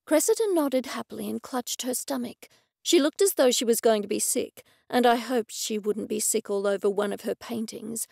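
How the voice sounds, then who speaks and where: A woman reading an audiobook in wry, even first-person storytelling. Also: fairly high pitch, moderate pace, vocal fry, dry recording, studio quality. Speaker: audiobook narrator. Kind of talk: scripted narration.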